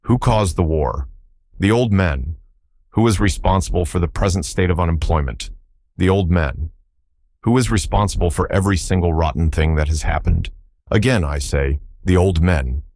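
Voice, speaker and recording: Man playing a brisk young detective. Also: deep voice, darkish tone. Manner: crisp, brisk, grandiose.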